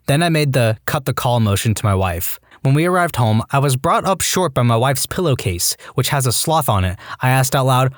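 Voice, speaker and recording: A man narrating online stories in a lively, sing-song delivery, his pitch rising and falling freely. The recording is dry and close, with no room sound. He breaks off into comic rants between stories. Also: fairly quick, hardly any pauses, no echo. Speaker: story narrator.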